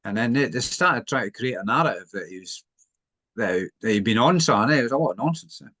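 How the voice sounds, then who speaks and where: A man's voice: medium pitch, lively intonation, fast, bright, forceful tone, dry recording. A man, rambling through boxing memories in a casual podcast chat, often ending lines with a question. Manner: rambling, questioning tag ends.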